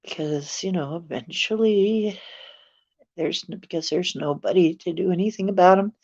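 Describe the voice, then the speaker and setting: A woman's voice: lowish voice, normal speed, darkish tone, lo-fi sound. A woman hosting a casual talk show, rambling with a sarcastic edge.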